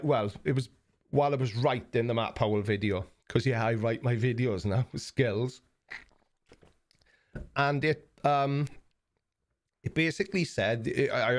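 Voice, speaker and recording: A South Welsh man chats through a live stream at a middling pitch, halting and repeating his words as he goes. His tone is blunt and mocking, in a loose, unscripted flow. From South Wales. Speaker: YouTube live stream host. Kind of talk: casual live stream chat reading viewer messages.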